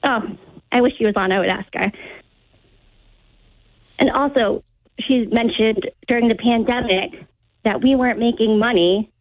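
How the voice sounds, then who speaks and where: A woman's voice: a little high, unhurried, pauses often, no echo. A woman calling in to a radio show, giving blunt, short, emphatic answers. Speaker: caller, restaurant worker. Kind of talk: phone-in talk. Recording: tinny phone line.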